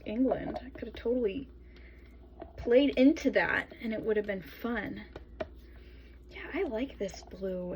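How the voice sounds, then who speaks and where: A woman's voice: sits high, darkish tone, a little hiss or hum, low-quality recording. A young adult woman soap maker chatting casually through a tutorial, rambling into asides while she works.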